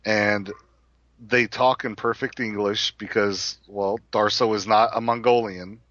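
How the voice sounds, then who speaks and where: A man's voice: on the low side, fairly even intonation, a little slow, fairly bright tone, no room sound, muffled recording. A man co-hosting a casual podcast, blunt and opinionated, restarting his sentences often. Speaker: podcast co-host.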